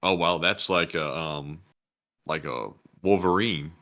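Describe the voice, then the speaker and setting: A man chimes in on a live stream with brief, laid-back remarks. His voice sits low for a man but sounds bright. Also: slow pace. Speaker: co-host. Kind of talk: casual live-stream chat.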